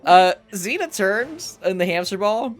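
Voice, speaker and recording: A man's voice: high-pitched, very animated, unhurried, music in the background. A man running a tabletop game as game master, narrating loosely with many fillers and laughs.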